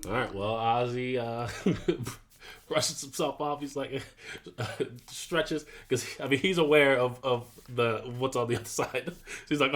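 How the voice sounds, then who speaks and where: A man's voice: medium pitch, a bit bright. A man playing a tabletop game, narrating his character with jokes and laughter. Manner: laughing, joking, quick asides. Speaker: player. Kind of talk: casual tabletop play.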